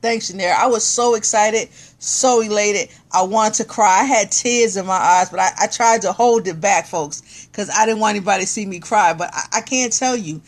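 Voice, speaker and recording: Live-streaming to her viewers, a middle-aged woman speaks at an ordinary mid-range pitch and a moderate pace. She sounds excited and animated, offering fired-up encouragement.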